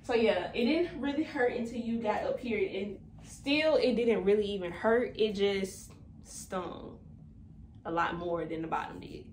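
Slightly out of breath, a vlogger in her twenties chats with viewers, using lots of fillers and repeatedly saying "y'all." Her medium-pitched voice is a little mellow and keeps a measured pace. The recording has an echoey room sound and faint background noise.

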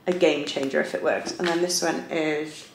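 A woman's voice: sits low, steady tone, normal speed, creaky. A young woman chatting casually to camera as a vlogger, bubbly with lots of fillers. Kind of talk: casual chat. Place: home, indoors and out walking. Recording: roomy echo, faint noise.

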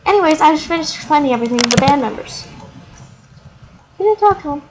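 Her voice high-pitched, expressive and quick, a woman reads a game's dialogue aloud during a relaxed let's play. She sprinkles in playful asides, and the home recording is noisy.

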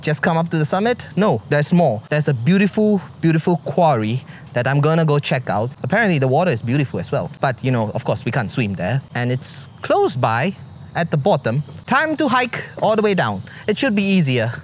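A man's voice: fairly high pitch, very animated, a little fast, slight background noise. A man talking to his viewers while hiking outdoors, out of breath, joking and complaining as he climbs. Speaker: vlogger. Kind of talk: casual hiking vlog. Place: outdoors on a forest trail.

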